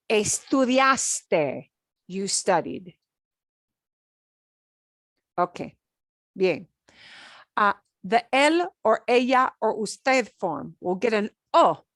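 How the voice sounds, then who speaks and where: A woman's voice: mid-range voice, fairly bright tone, no echo, clean studio sound. A middle-aged woman teaching a beginners' Spanish class, chatty and encouraging, punching the stressed endings as she explains. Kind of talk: online language lesson.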